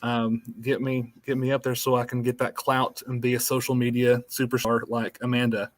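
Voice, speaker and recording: A school librarian with a Tennessee accent, presenting in an easygoing, self-mocking way with many fillers over a video call. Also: male voice, mid-range voice, flat delivery, normal speed, no echo. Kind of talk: webinar presentation.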